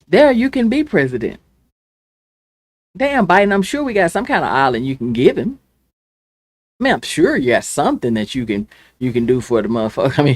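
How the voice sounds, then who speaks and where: A woman's voice: on the low side, no room sound. Angry woman ranting on a livestream. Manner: angry, impassioned, swinging from shouting to hushed. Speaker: show host. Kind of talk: livestream political rant.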